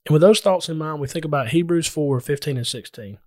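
Preacher, male, slightly higher voice, earnest and explanatory, talks straight to listeners, dry recording. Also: a little fast, darkish tone, dry recording. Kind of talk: sermon.

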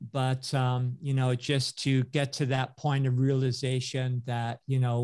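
A man's voice: medium pitch, darkish tone, clean tone. An older man talks in a loose, rambling way. He keeps restarting his sentences and filling the gaps with "you know" and "uh", like someone telling a long story in casual conversation. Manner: rambling, many fillers and restarts.

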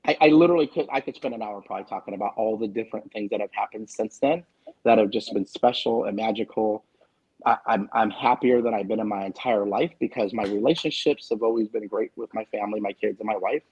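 A man in his forties with a gravelly, somewhat husky voice, speaking as a guest author in a relaxed group conversation. He talks with blunt candor and emphatic force and swears freely. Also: on the low side, fairly quick, lo-fi sound. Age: 40s. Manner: candid and profane, emphatic. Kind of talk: casual panel chat.

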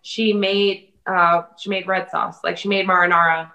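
A woman chef talking as a guest on a video call, telling lively, swear-laced stories and mimicking her family's voices. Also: on the low side, moderate pace, rough recording. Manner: animated storyteller who swears casually and mimics family voices. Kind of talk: casual video-call chat.

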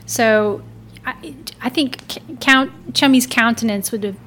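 A woman's voice: a little high, a little slow, a bit bright, a little hiss or hum. A woman talking in a casual book discussion, emphatic and chatty, with many "like"s and "you know"s. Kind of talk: casual book club chat.

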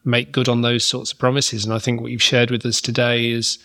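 A man's voice: medium pitch, completely flat delivery, a little fast, a bit bright. A man hosting a business podcast, talking in a thoughtful, rambling way with fillers and restarts. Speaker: podcast host. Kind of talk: conversational interview and wrap-up.

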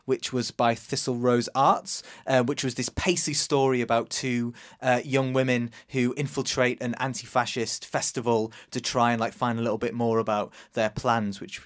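Male podcast co-host, eager, informal, mid pitch. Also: little pitch movement, normal speed, few pauses. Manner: enthusiastic, informal, many fillers. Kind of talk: casual podcast chat and review.

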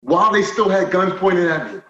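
A man telling a personal story as a podcast guest, animated, moving from quiet stretches to loud indignant retellings. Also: high-pitched, brisk. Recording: roomy, slightly dull podcast audio.

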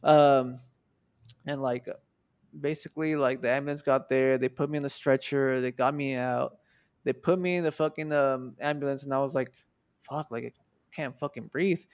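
Retelling a story casually on a podcast, this guest, a man in his twenties from Mexico, swears heavily and acts out the quotes with animation. His mid-range voice is clear and resonant at a normal speed, with no echo.

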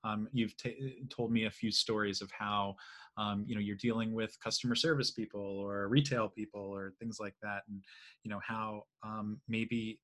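A man hosting a laid-back interview in a bright, forceful voice. He asks long, rambling questions and often trails off into quiet fillers. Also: fairly low pitch, flat delivery, normal speed. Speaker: podcast host. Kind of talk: casual interview chat.

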